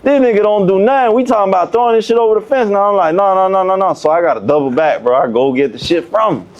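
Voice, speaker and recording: A man's voice: sits high, expressive, quick pace, dull audio. A young man guesting on a podcast, telling a prison story in heavy street slang and acting out the other people's lines. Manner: profane street slang, acts out quoted voices. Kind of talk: animated storytelling.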